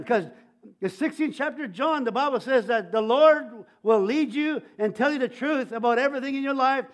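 High-voiced older man preaching, stammering restarts. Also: a little fast. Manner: testimony-style preaching with many restarts and stammers. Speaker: pastor. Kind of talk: sermon.

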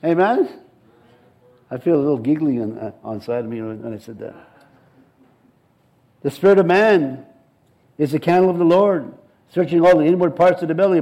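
A man's voice: on the high side, mellow, rough recording. A middle-aged male pastor preaching a sermon, emphatic and repetitive, building in intensity as he presses his points.

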